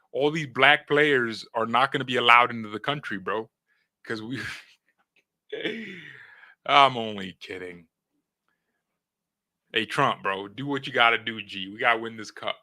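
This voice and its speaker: A man's voice: mid-range voice, measured pace, pauses often, bright, forceful tone, no room sound. A young man hosting a fan live stream, joking in slang, talking to his chat and reading news aloud. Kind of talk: casual live-stream commentary.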